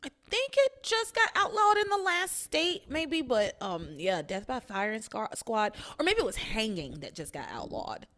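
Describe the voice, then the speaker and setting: A woman with a slightly high voice talks through a story in a casual podcast chat. She is animated, jumping into characters' lines as she retells them. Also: moderate pace, hardly any pauses. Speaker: podcast host.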